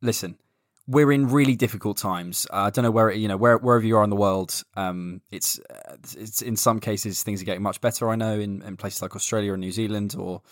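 A man co-hosting a football podcast, talking in a wry, teasing, measured way. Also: on the low side, steady tone, dry recording, studio quality. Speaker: podcast co-host. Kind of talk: casual football chat.

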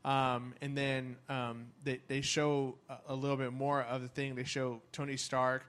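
A man talks loosely and excitedly, piling up ums and swear words as he recaps what he saw. His pitch sits in an ordinary middle range for a man, and he sounds relaxed among friends. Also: measured pace. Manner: rambling, excited, swears freely, many ums. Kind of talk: casual chat.

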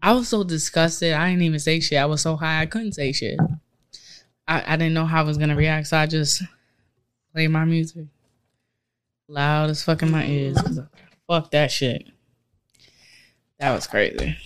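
A woman's voice: deep voice, steady tone, normal speed, long pauses, clear, resonant tone. Young woman, casual chat, profane storytelling, laughs a lot.

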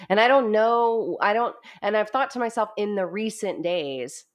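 A woman hosting a podcast, talking in an earnest, searching way with quick restarts. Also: mid-range voice, expressive. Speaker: podcast host. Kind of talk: casual conversation.

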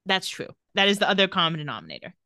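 A woman with a bright, crisp voice chats casually as a podcast co-host. She retells scenes and slips into quoted lines. The sound is dry and close. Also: lowish voice, racing, no echo. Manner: retells scenes, quoting lines in lively bursts. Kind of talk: casual recap chat.

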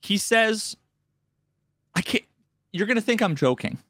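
A man on a casual gaming podcast, his somewhat high voice animated as he retells a quest and jumps up to mimic the characters. The studio sound is dry and close. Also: unhurried, dry recording. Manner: animated storyteller, acts out game dialogue in raised voices. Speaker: podcast co-host.

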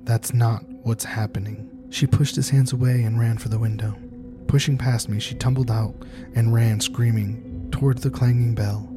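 Brief: male horror narrator, measured and tense, mid-pitched voice, music bed behind. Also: steady tone. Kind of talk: scripted horror story narration.

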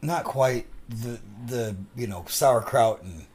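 A man's voice: medium pitch, takes it slowly, a little mellow, breathy edge. A man co-hosting a casual podcast, rambling through stories, laughing often and swearing casually. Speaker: podcast co-host. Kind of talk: casual chat.

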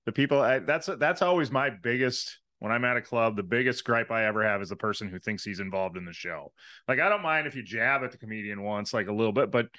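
An easygoing man hosts a loose podcast chat and backs up his guest with short agreements. His voice is bright and forceful. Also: on the low side, fast.

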